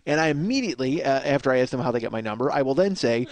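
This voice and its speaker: A man's voice: fairly high pitch, rapid-fire, hardly any pauses, darkish tone, dry recording. A man hosting a comedy podcast, rambling through a profane, self-mocking monologue from a small apartment. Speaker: podcast host.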